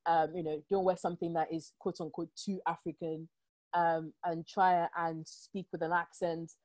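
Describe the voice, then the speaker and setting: A woman's voice: on the low side, level tone, moderate pace, darkish tone, no echo. A woman in her thirties with a French-influenced accent, a podcast guest chatting reflectively, with many fillers and restarts. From Ivory Coast. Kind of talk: casual conversation.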